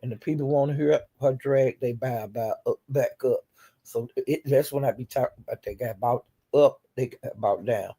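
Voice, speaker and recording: A man's voice: mid-range voice, normal speed, dark tone, breathy edge. A man hosting a casual chat, bluntly retelling online drama in a chatty, gossiping way. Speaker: host recapping livestream drama.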